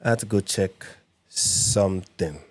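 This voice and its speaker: A man's voice: sits low, measured pace, no room sound. A man from Nigeria hosting a live reaction stream, repeating his points with emphasis and many fillers. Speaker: livestream host.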